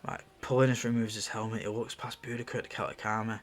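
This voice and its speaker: A man with a lowish voice reads through his own screenplay. He is relaxed and musing, and he stops now and then to comment on his scenes. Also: fast.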